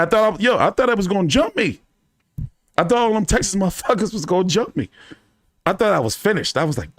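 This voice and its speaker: A slightly high-pitched man hosts a boxing channel, recorded dry with studio quality. He tells his viewers stories in a loose, animated way, swearing and laughing through the anecdotes.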